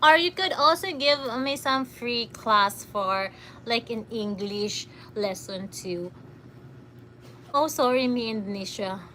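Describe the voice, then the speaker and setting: Filipino woman livestreamer, high-pitched and slow-spoken, chatty and giggly. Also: bright, forceful tone, slight background noise. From Philippines. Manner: giggly, chatty, reads comments aloud. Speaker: livestreamer reading chat. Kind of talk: casual livestream chat.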